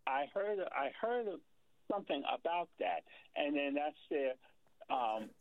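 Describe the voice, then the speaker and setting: A man calling in to a talk show. His fairly high voice is gravelly, and he argues with heat, circling back over his own words as he presses his point. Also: animated, a little slow, no room sound, phone-quality sound. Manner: heated, repeats himself while building a point. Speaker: caller. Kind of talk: call-in radio talk.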